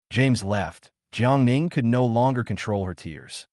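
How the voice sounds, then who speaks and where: A man narrating a scripted drama story in a steady storytelling manner. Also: medium pitch, unhurried, no echo, studio quality.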